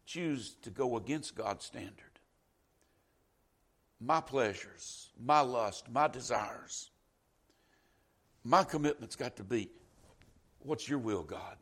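A man's voice: medium pitch, animated, slow pace, pauses often, a bit bright, breathy edge. An older man preaching a sermon in an earnest, emphatic way, quoting scripture.

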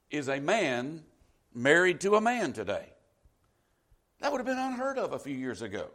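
An older man preaching a sermon in an earnest, emphatic way, quoting scripture. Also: fairly high pitch.

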